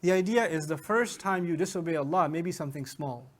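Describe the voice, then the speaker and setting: A male teacher with a fairly high voice gives an animated lecture on Quran commentary. He keeps asking his listeners rhetorical questions and answering them himself. He retells stories with humor and quoted voices. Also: brisk.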